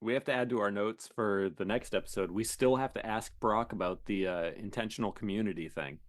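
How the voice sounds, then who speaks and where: Lowish voice guy, cohost, quick teasing one-liners. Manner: short, teasing interjections. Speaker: podcast co-host. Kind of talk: casual chat.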